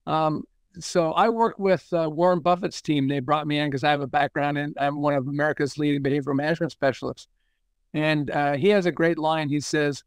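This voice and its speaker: A man's voice: a little high, clean tone, no echo, studio quality. A man, a marketing consultant, telling anecdotes in a casual interview and chuckling often.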